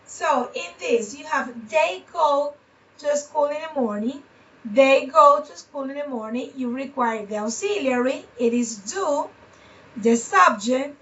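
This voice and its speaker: A woman gives an English grammar lesson, repeating each example sentence with deliberate care. Her voice sits high and she speaks unhurriedly. She is picked up from some distance on a dull, muffled recording. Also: animated, a bit bright. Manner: repeats example sentences slowly and deliberately, switching to Spanish for explanations. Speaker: English teacher. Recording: dull distant mic in a room.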